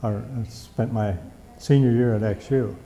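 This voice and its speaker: A man in his eighties, plainspoken, recalling his life in short halting phrases during an oral history interview in a library room. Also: lowish voice, steady tone, mellow. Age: 80s. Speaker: interviewee, veteran. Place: library room with long reverb. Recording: reverberant hall, faint background noise.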